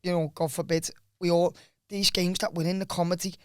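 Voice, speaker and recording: A man's voice: high-pitched, level tone, fairly quick, crowd noise. A man with a Scouse accent, chatting casually on a podcast, sweary and loose, tagging "lad" onto his sentences. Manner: loose, sweary, peppers talk with "lad" and "you know what I mean". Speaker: musician and comedian guest.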